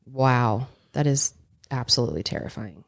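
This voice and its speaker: A woman's voice: extremely low pitch, expressive, moderate pace, creaky. A woman co-hosting a true-crime podcast, chiming in with short, sympathetic reactions and comments. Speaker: podcast co-host. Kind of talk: casual true-crime chat.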